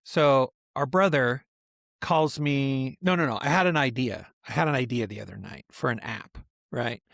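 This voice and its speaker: A man's voice: medium pitch, normal speed, creaky, no echo, studio quality. A man hosting a podcast, telling a family story in casual chat and acting out the quotes as he goes. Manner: animated storyteller, acts out quotes. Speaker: podcast host.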